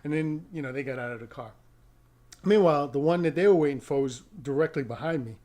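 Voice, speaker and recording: A man's voice: a little high, quick pace, darkish tone. A middle-aged man, a rideshare driver and vlogger, casually telling a story to camera, rambling and correcting himself with small chuckles. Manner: rambling, self-correcting, chuckles at own stories.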